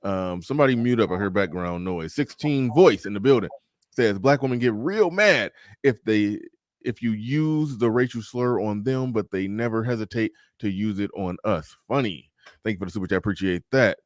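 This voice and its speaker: Low-voiced guy hosting a stream, reading super chats, dry close sound. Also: normal speed, dry recording. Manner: relaxed, reads out super chats. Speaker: livestream host. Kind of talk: casual livestream chat.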